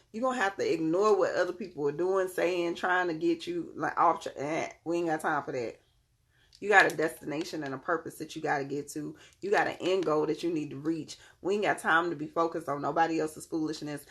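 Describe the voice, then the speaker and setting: A woman giving a casual tarot reading to her viewers, animated and slangy, cursing freely and laughing often. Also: low-pitched. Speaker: tarot reader.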